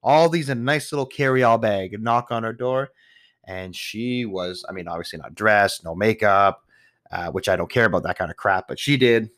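A man's voice: lowish voice, normal speed, a bit bright, no echo. Rambling man telling dating stories, dry sound. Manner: rambling, with repeated restarts and laughs; swears casually. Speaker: storyteller. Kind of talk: casual storytelling monologue.

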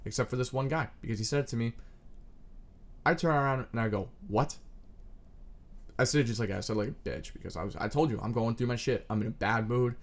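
Fast-talking and mid-range in pitch, a young man in his twenties riffs crudely and scatteredly for comic effect, mocking himself and suddenly getting loud.

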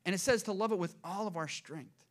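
A man with a high voice delivers a sermon from the pulpit. He preaches dynamically, building to loud emphatic lines and then dropping to near-hushed lows. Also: a little fast. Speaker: pastor.

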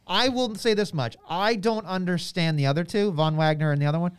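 A high-pitched man with a smooth, clear voice chatting on a podcast. He is excitable and opinionated, and often trips over his words to restart. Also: a little fast. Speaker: podcast co-host. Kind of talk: casual podcast chat.

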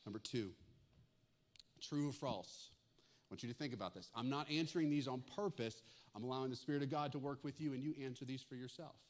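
A man preaching a sermon, animated and acting out comic asides with lively swings in energy. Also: medium pitch, a little fast. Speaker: pastor.

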